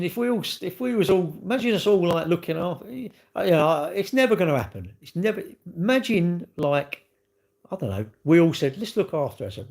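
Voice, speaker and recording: A middle-aged man chats casually with his viewers, rambling from one thing to the next in a cheeky, joking way. His voice sits a bit high for a man and swings up and down a great deal as he acts out quoted exchanges. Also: creaky, a little mellow. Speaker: livestream host reading chat.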